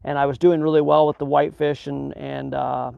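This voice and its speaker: A man's voice: on the high side, level tone, moderate pace, creaky, dark tone, clear, resonant tone, dull audio. A man chatting as a guest on a live health stream, agreeable and telling stories about himself. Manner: agreeable, storytelling. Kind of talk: casual chat.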